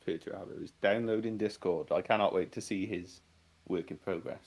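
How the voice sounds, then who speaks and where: A man's voice: low voice, fairly even intonation, brisk, gravelly, a little mellow. A man from Britain chatting casually on a stream, telling dry jokes. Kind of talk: casual chat.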